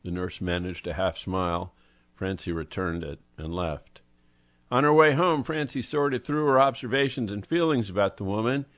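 This is scripted narration from a male audiobook narrator with a low voice. He tells the story in a measured, even manner, and the recording is dry.

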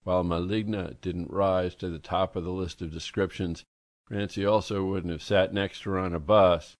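A man narrating a story in a measured, even storytelling manner, as an audiobook reader. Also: low voice, no echo. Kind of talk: scripted narration.

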